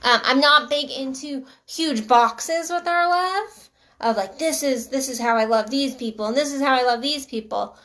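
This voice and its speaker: A woman's voice: high-pitched, moderate pace, fairly bright tone. A middle-aged woman relationship coach talking casually to her channel, earnest and emphatic, often repeating herself for stress. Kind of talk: casual talk to camera.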